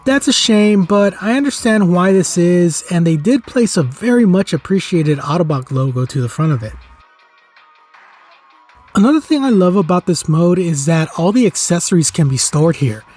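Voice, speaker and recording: A middle-aged man narrating a scripted toy review with earnest, nostalgic enthusiasm. His voice is somewhat husky and sits a little high for a man. Faint music plays underneath. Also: expressive, normal speed, a little mellow. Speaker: toy reviewer, channel host.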